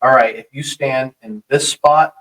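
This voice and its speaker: A man hosting a podcast in casual chat, speaking in a halting way with many restarts. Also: mid-range voice, a bit bright, distant mic, low-quality recording.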